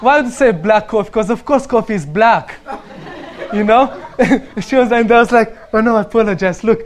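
Young Romanian-accented man, high-pitched, easygoing storyteller who laughs a lot. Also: moderate pace, some chatter behind. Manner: laughs often while telling anecdotes. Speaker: speaker sharing stories. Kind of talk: casual storytelling.

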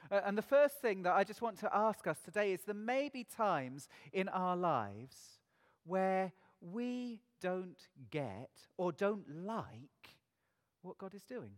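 A man's voice: high voice, very animated, slow, in a large hall. A man preaching a sermon in an earnest way, asking his listeners many rhetorical questions.

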